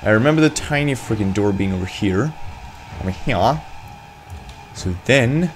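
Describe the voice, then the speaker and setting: A man's voice: on the low side, expressive, moderate pace, long pauses. A young man giving jokey gameplay commentary as a let's play host, bursting into yelps and swearing and teasing the game monsters. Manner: talks to game monsters in mock voices.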